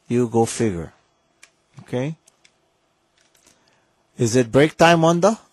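A man hosting a car-repair radio show, talking slowly and bluntly in a folksy way. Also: mid-range voice, lively intonation, darkish tone, slightly rough, dry recording. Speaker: radio show host, auto mechanic. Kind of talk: casual call-in radio chat.

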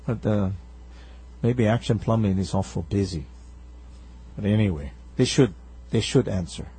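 A man hosts a call-in radio show, chatting with callers in an easygoing way. His voice sits low and mellow. It has a rough, raspy grain. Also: normal speed.

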